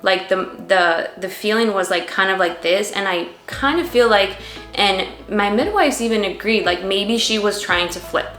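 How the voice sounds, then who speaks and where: A woman's voice: mid-range voice, moderate pace, fairly bright tone, roomy sound, faint music behind. A mother in her thirties earnestly telling her birth story to the camera, emotional and full of "like" fillers.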